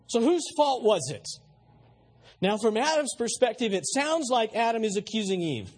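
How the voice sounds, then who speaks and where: A pastor, male, gives a sermon at moderate speed in a husky, high voice marked by big pitch swings. He speaks emphatically, keeps asking the listeners questions, and stumbles over words he repeats.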